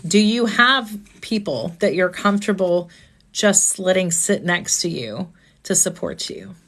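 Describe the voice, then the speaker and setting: A woman hosts a live stream in an earnest, conversational way. She speaks with a slightly low voice and asks reflective questions. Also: lively intonation, measured pace, fairly bright tone. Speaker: host.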